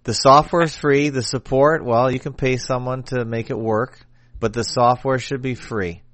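A man's voice: medium pitch, fairly even intonation, normal speed, a bit bright, no echo. A man hosting a casual streamed chat over a video call, opinionated and joking. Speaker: show host.

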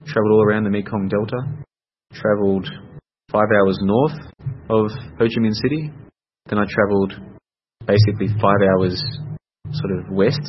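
A man hosting a casual solo podcast, chatty and rambling, often correcting himself. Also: lowish voice. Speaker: podcast host. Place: home room. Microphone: computer mic. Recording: dull lo-fi audio with faint noise.

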